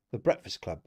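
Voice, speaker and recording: A middle-aged podcast host runs a casual livestream, chatting and rambling, laughing often, and talking to viewers in the chat.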